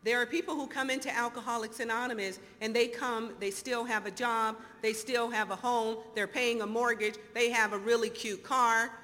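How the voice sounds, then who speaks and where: A woman in her fifties telling her recovery story to an audience in an animated, storytelling way, acting out the dialogue. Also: on the high side, normal speed, few pauses. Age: 50s. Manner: animated storyteller, acts out dialogue, laughs often. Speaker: speaker sharing recovery story. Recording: hall reverb, faint noise.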